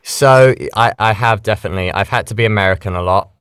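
A British man, a voice actor, chatting casually in an interview and explaining things in a lively, animated way. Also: fairly low pitch, quick pace, clear, resonant tone, no echo, clean studio sound. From Britain. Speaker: voice actor guest.

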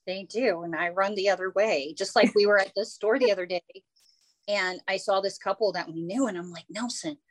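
Woman, podcast co-host, lively storyteller who acts out the people in her stories. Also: mid-range voice, a little fast, dry recording. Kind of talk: casual storytelling chat.

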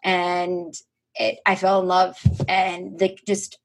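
A young woman, a podcast guest, telling stories in a lively, animated way, acting out quotes and swearing casually. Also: fairly low pitch, takes it slowly, gravelly. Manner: animated storyteller, acts out quotes, swears freely. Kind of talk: casual conversation.

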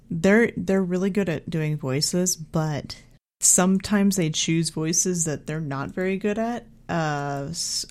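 A woman co-hosting a podcast, chatting in a relaxed, conversational and amused way. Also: deep voice. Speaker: podcast co-host. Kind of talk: casual chat.

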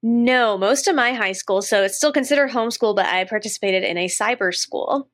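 A woman's voice: a little high, fairly quick. A woman who grew up in the United States, a podcast guest chatting easily and laughing often. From United States, raised in North Carolina and Texas. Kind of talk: casual chat.

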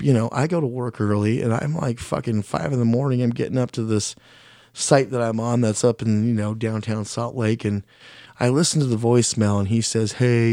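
A man's voice: medium pitch, dark tone, no room sound, clean studio sound. A man on a podcast telling a personal story in a casual way. He is blunt, swears constantly, mocks himself and often restarts his sentences. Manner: blunt, profane, self-deprecating, restarts often; speaks his mind plainly.

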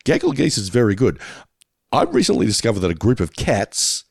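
A man co-hosting a podcast, relaxed and jokey in casual rambling chat. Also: lowish voice, a little fast, creaky, slightly rough, no room sound, studio quality. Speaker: podcast co-host.

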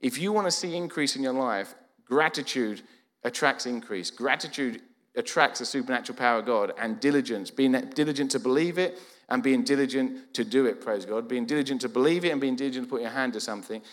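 A man, preaching a sermon as a lively storyteller who acts out quoted dialogue. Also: mid-range voice, brisk. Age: 40s. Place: church. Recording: church hall reverb.

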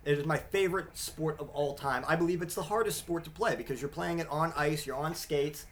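A man's voice: a little high, brisk, a little hiss or hum. A man hosting his own podcast, ranting in a casual comedic way and swearing almost every other word. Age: adult father. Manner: profane, rambling, swears constantly. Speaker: podcast host.

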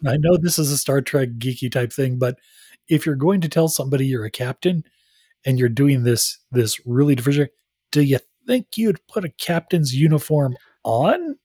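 A man's voice: mid-range voice, animated, moderate pace, dark tone, breathy edge, no echo, studio quality. A man co-hosting a casual podcast chat, making wry, chatty side remarks. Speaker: podcast co-host.

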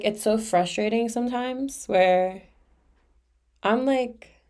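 A woman's voice: lowish voice, darkish tone. Candid young woman podcaster. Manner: candid and emotional, peppered with "like" and swearing. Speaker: podcast host. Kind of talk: casual confessional monologue.

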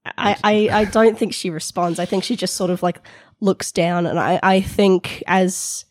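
A woman's voice: lowish voice, fairly even intonation, measured pace, no echo. A woman with an Australian accent chatting and describing her character at a tabletop game. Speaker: player. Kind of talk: casual table talk.

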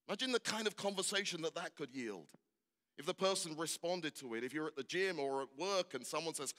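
A man's voice: on the high side, quick pace, a bit bright. A man preaches a sermon, building his point through rhetorical questions and repeated refrains that rise in intensity. His voice carries through a large space with a long, lingering reverb.

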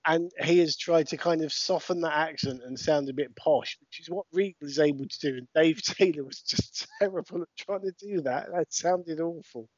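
A chatty British man talks casually through a wrestling watch-along, with a voice sitting a little high for a man. The sound is dry and slightly dull, like a home podcast setup. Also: normal speed, hardly any pauses, no room sound. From United Kingdom. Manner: chatty, explains things for overseas listeners. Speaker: podcast co-host.

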